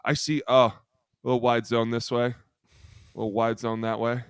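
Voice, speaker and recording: A man co-hosting a football podcast, loud and animated, swearing through his rants. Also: medium pitch, a little fast, smooth, no echo, clean studio sound. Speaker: podcast co-host, former lineman. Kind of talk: profane sports banter.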